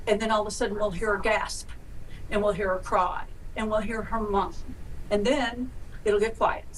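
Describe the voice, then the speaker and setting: A woman commentator recounts courtroom evidence in an earnest, steady voice. She is heard from a distance in replayed broadcast audio, with faint background noise underneath. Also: medium pitch, normal speed. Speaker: trial commentator.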